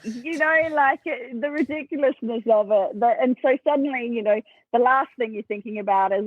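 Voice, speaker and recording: A woman's voice: fairly high pitch, normal speed, hardly any pauses, no room sound. An Australian woman telling stories as a guest in a casual interview, acting out the voices of others and laughing often. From South Australia. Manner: lively storyteller, acts out quoted voices, laughs often. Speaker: podcast guest. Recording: thin phone-like dry sound.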